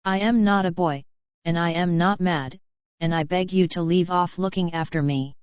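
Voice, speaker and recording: A woman's voice: fairly low pitch, moderate pace, clear, resonant tone, dry recording, muffled recording, lightly acted. A woman voicing an agitated, hysterical young male drunkard in an audiobook, with overwrought, pleading outbursts.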